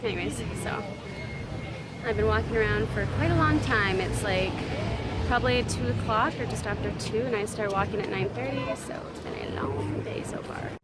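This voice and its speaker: Young woman rambling on a walking vlog, lots of likes and ums, loud traffic all around. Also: mid-range voice, normal speed. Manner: chatty, rambling with many fillers. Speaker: travel vlogger. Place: outdoors on busy city streets. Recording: loud street traffic noise. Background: traffic and street noise.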